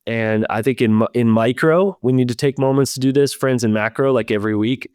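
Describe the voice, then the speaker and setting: A man's voice: medium pitch, fairly quick, darkish tone, clear, resonant tone, no room sound, studio quality. A man hosting a leadership podcast, talking in an earnest, reflective way and speaking straight to his listeners. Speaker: podcast host.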